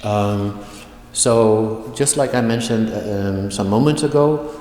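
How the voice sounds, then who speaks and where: A man teaching an online language lesson, speaking slowly and deliberately and repeating example phrases. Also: lowish voice, warm tone. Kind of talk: online video lecture. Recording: echoey room with long reverb.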